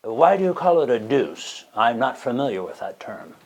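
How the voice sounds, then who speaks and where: A man's voice: medium pitch, very animated, normal speed. A man hosting a spoof interview show, asking questions in a stiff, overly formal way. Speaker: talk show host.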